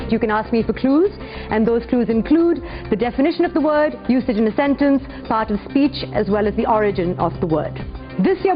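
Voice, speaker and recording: A woman hosting a spelling competition, speaking in a clear, measured and encouraging way. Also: high-pitched. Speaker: quiz host. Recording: dull lo-fi broadcast audio with faint music.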